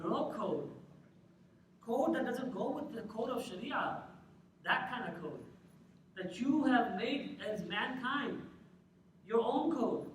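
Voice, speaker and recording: A young man giving a lively religious talk, often firing questions at his audience. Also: high voice, slight background noise. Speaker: lecturer. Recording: echoey hall, mic at a distance.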